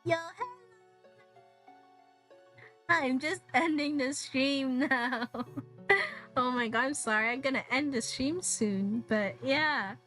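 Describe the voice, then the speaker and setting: Young woman streamer, slow-talking with a higher voice, rambling and cursing, faint music underneath. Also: fairly bright tone. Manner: rambling, swears a lot, laughs often. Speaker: VTuber streamer. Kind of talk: casual stream chat.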